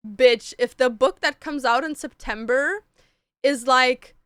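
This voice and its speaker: A woman's voice: high-pitched, takes it slowly, a bit bright, smooth, no echo, clean studio sound. A woman streamer chatting casually with her chat, gushing about books and shows and swearing freely. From Canada.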